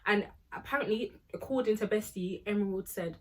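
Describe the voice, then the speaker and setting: A woman's voice: mid-range voice, a little fast, a little hiss or hum. A young woman tells a story casually and animatedly, acting out the people in it. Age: young adult. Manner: animated, acts out quoted people. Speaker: storytime vlogger.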